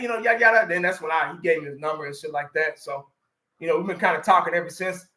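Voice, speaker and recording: Rambling fan in an echoey room. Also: male voice, a little high, quick pace, bright, forceful tone. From Texas. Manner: rambling, restarts a lot, addresses viewers. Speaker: fan channel host. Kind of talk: casual chat.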